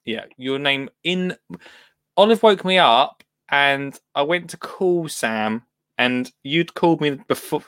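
A man's voice: fairly high pitch, expressive, slow pace, a bit bright, clean tone, no room sound, studio quality. Easygoing radio presenter, a man. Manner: laughing, easygoing banter. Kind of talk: casual radio chat.

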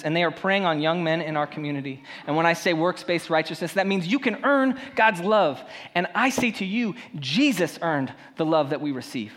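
Male pastor, raised voice, conversational sermon in a reverberant hall, shifts from punchy to hushed. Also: a little high. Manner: conversational preaching, swinging from loud emphasis to hushed.

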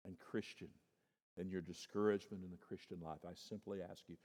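Male pastor, sermon delivery, moves from soft and low to loud and high, long hall reverb. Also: fairly even intonation, brisk. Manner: addresses listeners as "my friend".

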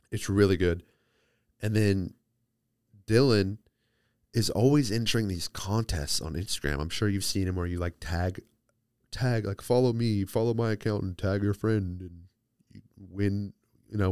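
A man's voice: fairly low pitch, normal speed, long pauses, a little mellow, clean tone, dry recording, clean studio sound. A young man hosting a solo podcast, chatting casually and rambling playfully with lots of restarts. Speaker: podcast host.

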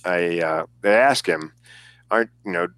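A comedian telling an animated story in casual conversation, acting out the voices of the people in it and swearing freely. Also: male voice, sits low, a little slow, dry recording. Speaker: guest comedian.

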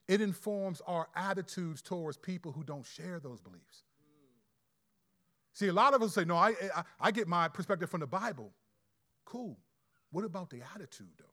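A man preaching a sermon in a conversational, animated way with quick asides. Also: on the high side. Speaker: pastor.

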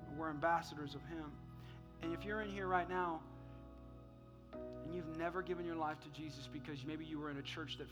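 A middle-aged man preaching a sermon as pastor. He is playful and laughs at his own jokes, and he swings between loud acted-out bits and quiet, earnest talk. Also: on the high side.

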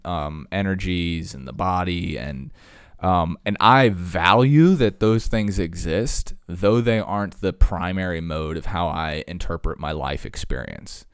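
Casual male host, low-pitched, dry sound, loose and chatty delivery. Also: clean tone, no echo. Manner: loose, chatty, lots of fillers and asides. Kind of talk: casual rambling chat.

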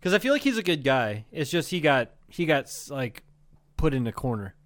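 A man's voice: mid-range voice, big pitch swings, brisk. A man co-hosting a casual comedy podcast, swearing freely, laughing often and dropping into silly voices. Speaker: podcast co-host.

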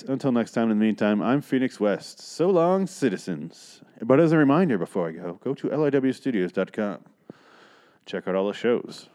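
A man's voice: lowish voice, a little mellow, clear, resonant tone. A young man hosting a podcast, casually recapping a TV episode with rambling, profane, sarcastic asides. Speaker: podcast host.

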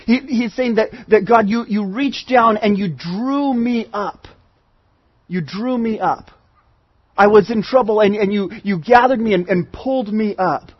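A man preaching a sermon to a congregation, talking in a relaxed, conversational way with frequent restarts and repeated words. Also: high-pitched, a little slow, no echo. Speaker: pastor. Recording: muffled lo-fi sermon recording.

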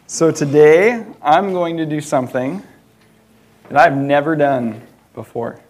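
A man's voice: on the high side, unhurried, a little mellow. A man preaching an informal sermon, chatty, laughing often and restarting his sentences.

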